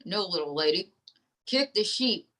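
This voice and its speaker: Corny old lounge crooner dummy, a lady doing the voice, drawly, folksy, lowish and dry. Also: expressive, measured pace, sharp tone. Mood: deadpan corny. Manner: drawling, folksy, groan-worthy punchlines.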